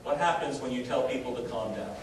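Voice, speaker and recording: A man's voice: medium pitch, fairly quick. A man giving a live lecture to a room of listeners, speaking in a wry, conversational way with many fillers and restarts. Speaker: lecturer on risk communication. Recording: very echoey room, distant mic, steady noise.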